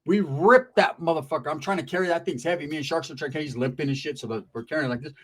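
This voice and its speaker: A young man from California telling a profane comic story, animated and acting out voices. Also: a little high, fast talker. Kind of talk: comedic storytelling.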